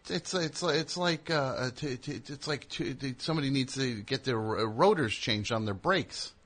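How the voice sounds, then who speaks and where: A man with a medium-pitched, slightly bright voice speaks at a normal pace while hosting a radio show. He rambles and jokes into a studio mic, cutting himself off mid-thought in a casual on-air monologue.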